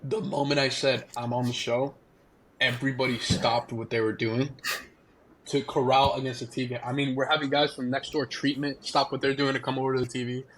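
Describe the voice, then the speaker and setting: A man's voice: mid-range voice, a little fast, poor audio. A young man in his twenties telling a funny story in casual podcast chat, laughing often as he goes. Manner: laughing, animated anecdote telling. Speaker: podcast guest.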